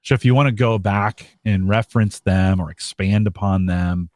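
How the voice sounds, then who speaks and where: A man co-hosting a podcast, talking in a thoughtful, measured way with frequent fillers. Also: lowish voice, darkish tone, dry recording, studio quality. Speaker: podcast co-host. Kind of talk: casual podcast chat.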